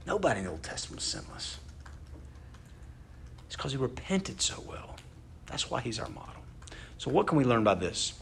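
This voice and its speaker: A man's voice: medium pitch, gravelly, a little hiss or hum. A man preaching a conversational, earnest sermon, asking his listeners questions as he goes. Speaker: pastor.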